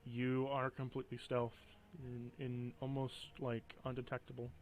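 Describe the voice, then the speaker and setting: A man's voice: mid-range voice, completely flat delivery, normal speed, phone-quality sound, slight background noise. A man running a tabletop game as game master, explaining the rules with hesitant fillers.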